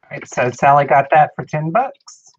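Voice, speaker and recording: A man's voice: on the high side, expressive, moderate pace, lo-fi sound, a little hiss or hum. Matter-of-fact man calling auction bids. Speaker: online auction co-host. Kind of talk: casual live-stream auction chat.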